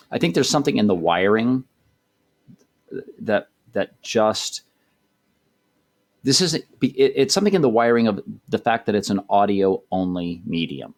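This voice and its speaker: A middle-aged man, a voice director, talking in a casual interview, thoughtful and rambling with many restarts. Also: fairly low pitch. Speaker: voice director guest.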